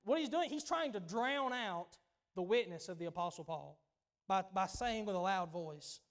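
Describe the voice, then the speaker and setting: A man's voice: high-pitched, animated, moderate pace. A male pastor with a Southern US accent preaching a sermon in church, emphatic and conversational, often repeating himself as he talks.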